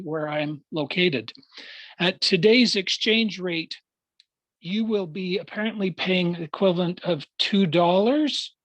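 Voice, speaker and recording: A man giving a formal prepared speech to a club over a video call, measured and deliberate, with emphatic pauses. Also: sits high, no room sound, poor audio. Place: at home, joining remotely.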